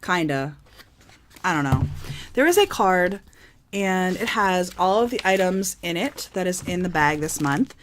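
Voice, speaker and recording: A woman with a croaky, hoarse voice, thickened by a cold. She sits a little low in her range and chats loosely, rambling through fillers as she unboxes products for her channel. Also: sing-song, measured pace, a little hiss or hum. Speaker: beauty vlogger. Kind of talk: casual unboxing vlog.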